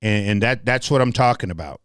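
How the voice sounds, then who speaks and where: A middle-aged Southern man from Memphis, Tennessee, hosts a livestream commentary show, speaking passionately and directly to his audience while repeating words. His fairly low voice is clear, resonant and fairly bright, moving fairly quickly in a dry, clean studio recording.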